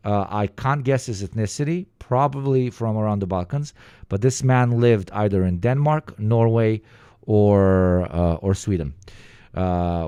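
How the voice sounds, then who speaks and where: Low, mellow-voiced man riffing profanely. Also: clear, resonant tone, no room sound, studio quality. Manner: animated, profane storytelling with many fillers. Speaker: reaction streamer. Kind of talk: casual reaction commentary.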